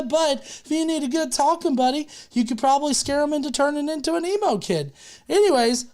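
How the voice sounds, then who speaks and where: Woman, higher-pitched, casual profane livestream banter, rambling comic storyteller. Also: darkish tone. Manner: rambling, joking, swears freely.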